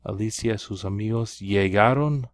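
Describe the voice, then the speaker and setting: A man's voice: lowish voice, moderate pace, no room sound. A man teaching a Spanish grammar lesson, walking through exercises step by step and often checking in with "right?". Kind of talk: recorded classroom lesson.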